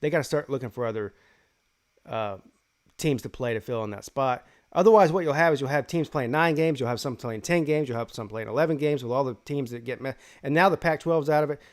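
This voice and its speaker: A man's voice: medium pitch, brisk. A man hosting a live college football call-in show, giving his opinions in rambling casual talk full of restarts.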